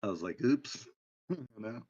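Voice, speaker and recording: Casual male stream host, lowish voice, loose and profane, muffled lo-fi mic. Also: fairly quick. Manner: relaxed, laughing, swears casually. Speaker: livestream day-trading host. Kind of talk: casual chat on a live stream.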